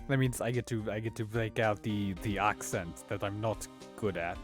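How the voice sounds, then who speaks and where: A man's voice: fairly low pitch, moderate pace. A young man casually chatting while streaming a game, slangy and loose. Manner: casual, slangy, says bruh. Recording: game music behind.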